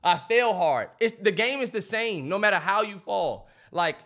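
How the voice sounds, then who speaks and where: A man's voice: high voice, animated, normal speed, pushed and bright. Emphatic man losing his voice. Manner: emphatic, exasperated, cursing. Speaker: podcast co-host. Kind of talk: heated casual debate.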